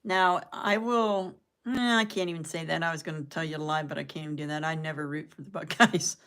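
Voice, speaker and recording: A woman's voice: sits low, steady tone, brisk, fairly bright tone. An older woman rambling in casual chat with her viewers, laughing at her own jokes as she goes. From southern United States. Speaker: live-stream host chatting with viewers.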